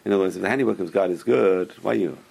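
A man's voice: sits low, rapid-fire, vocal fry, darkish tone, slightly rough. A man teaching a Torah class, retelling old stories with rhetorical questions and Hebrew terms mixed in.

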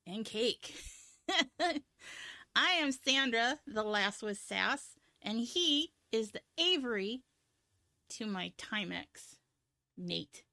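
A woman's voice: a little high, lively intonation, slow pace, vocal fry, long pauses, bright, forceful tone, dry recording, clean studio sound. A woman co-hosting a casual livestream chat, playful and laughing often. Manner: giggly and playful. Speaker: co-host.

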